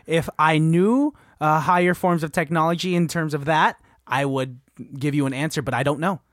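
Brief: man with a slightly raised voice, dry close mic, quick interjections, joking co-host. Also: fairly high pitch, a bit bright, no echo. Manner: chiming in, finishing the other host's sentences, joking. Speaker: podcast co-host. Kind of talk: casual movie recap chat.

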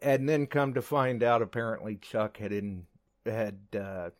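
A man hosting a live radio show, chatting excitably with big pitch jumps and quick asides. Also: dry recording, studio quality.

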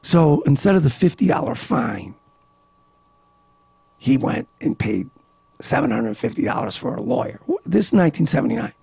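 Gravelly, husky man around sixty; lively pitch, animated storyteller, dry close sound. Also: moderate pace, pauses often, no echo. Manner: animated, laughing, many restarts. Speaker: guest, author. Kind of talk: casual storytelling.

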